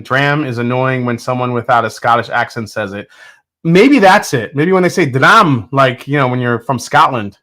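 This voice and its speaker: Hosting a casual whiskey tasting livestream, a man chats with his viewers and reads out their comments. His medium-pitched voice is bright and forceful, and he comes across as enthusiastic and self-deprecating, often thinking aloud.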